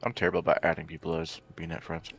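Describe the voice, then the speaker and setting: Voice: extremely low pitch, monotone, racing, creaky, fairly bright tone, slightly rough. A co-streamer chatting casually while playing a game, easygoing. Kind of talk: casual gaming chat.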